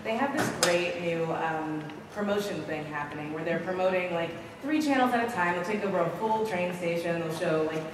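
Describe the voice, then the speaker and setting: A woman's voice: lowish voice, moderate pace, hardly any pauses. A woman from Kentucky in the audience asking a friendly, slightly nervous, rambling question. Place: large convention hall. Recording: echoey hall from far off, noisy.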